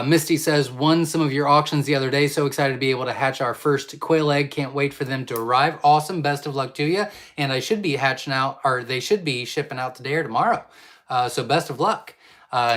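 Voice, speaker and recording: A man hosts a live stream from his quail farm, reading viewers' comments aloud and answering them. His voice sits at an ordinary middle pitch, and his delivery is loose and unscripted, full of "uh"s. He keeps apologizing while he scrolls through the comments. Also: a bit bright. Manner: casual, apologetic, many fillers, reads comments aloud then answers.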